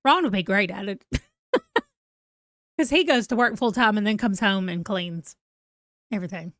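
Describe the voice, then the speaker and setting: A woman's voice: medium pitch, normal speed, a bit bright. A woman in her forties, chatting casually and rambling to viewers on a live stream. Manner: rambling, chatty, self-deprecating. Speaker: book vlogger.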